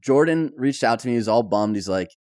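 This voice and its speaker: A man with a mid-range voice hosts a podcast interview, talking in a conversational way. He gets animated as he recounts a shared story. The studio sound is close and dry. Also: mid-range voice, fast, dry recording. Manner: conversational, animated when retelling.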